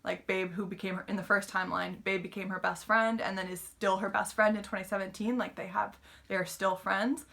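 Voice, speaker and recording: A woman talks through a book review in an easy, rambling way, full of "like" and fillers. Her voice is bright and forward, with a gravelly rasp of fry underneath. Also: medium pitch, fairly even intonation, brisk. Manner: chatty, filler-heavy retelling with lots of "like".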